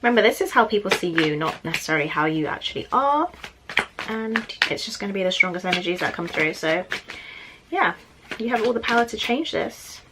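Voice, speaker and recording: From the floor of her bedroom, a young tarot reader chats her way through a casual reading, apologetic, distractible, and a bit winded. Her mid-range voice is expressive and a little fast, and the recording is very noisy.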